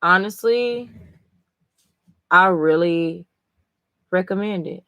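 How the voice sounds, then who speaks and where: A woman talking casually on a live stream, tired after a long session, excitable and full of swearing. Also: fairly low pitch, takes it slowly, no echo. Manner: excitable, profane, emotional. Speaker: live-stream comic reader.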